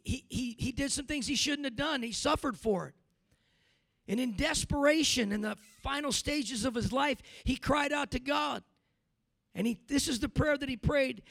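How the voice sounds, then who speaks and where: A middle-aged man preaching a sermon as pastor, moving from quiet storytelling to shouted emphasis, with frequent amens. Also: very high voice, vocal fry, no echo.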